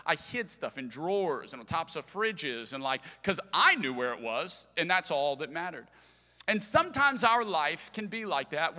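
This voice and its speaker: Bright-voiced preacher in a big hall. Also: male voice, fairly high pitch. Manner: storytelling with humor, animated swings in loudness. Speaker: pastor. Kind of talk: sermon. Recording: large hall with long reverb.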